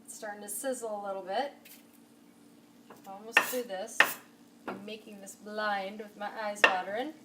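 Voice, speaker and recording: Sizzling food and clattering utensils fill the background as a woman, recorded by a distant camera mic in her home kitchen, demonstrates a casual dish, chatty and enthusiastic toward the viewer. She speaks with a medium pitch and level tone at a moderate pace, with long pauses.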